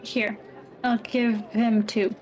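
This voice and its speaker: A woman playing a tabletop game, speaking in a bright, playful way. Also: on the high side, little pitch movement, slow pace, soft background music, rough recording. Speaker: player.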